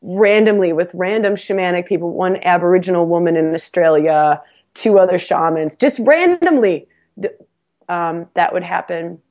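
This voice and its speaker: A woman's voice: fairly low pitch, normal speed. Woman on a podcast telling a wild story about herself, laughing a lot, stumbling and repeating words. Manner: animated, self-mocking storyteller with frequent laughs; repeats words when restarting. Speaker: podcast guest. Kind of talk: storytelling in a casual interview.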